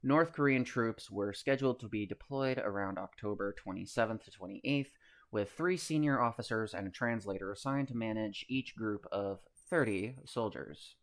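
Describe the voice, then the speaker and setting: A man streaming live, reading the news aloud and riffing on it in a rambling, casual way, with many fillers and some swearing. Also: fairly low pitch.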